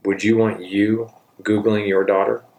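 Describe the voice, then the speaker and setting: A middle-aged father with a low, deep voice gives parenting advice in a relaxed, conversational way, speaking a little slowly. He often drops in "like" and "man" as he reenacts his side of conversations with his kid, and a little hiss or hum can be heard.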